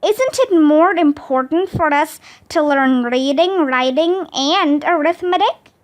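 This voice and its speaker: A woman's voice: high-pitched, expressive, takes it slowly. A woman voicing a prim, eager know-it-all schoolgirl who asks earnest questions.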